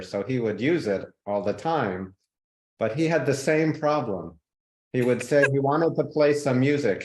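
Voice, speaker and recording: A man guest in a podcast interview, telling relaxed stories and now and then mimicking people. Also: mid-range voice, roomy sound. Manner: relaxed, laughs easily, mimics people in anecdotes. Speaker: guest, tech innovator. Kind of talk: conversational interview storytelling.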